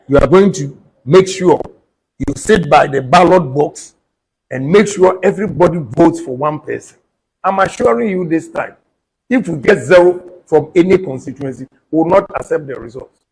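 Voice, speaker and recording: A man's voice: on the high side, moderate pace, darkish tone, husky, low-quality recording. A Ghanaian man, a politician, making an emphatic, combative political statement and repeating points for stress.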